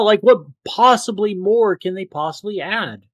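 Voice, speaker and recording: A man ranting on a casual podcast, swearing freely and breaking into loud outbursts. His voice sits slightly high for a man and sounds close and dry, with little room sound. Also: unhurried, few pauses, no room sound. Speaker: podcast co-host.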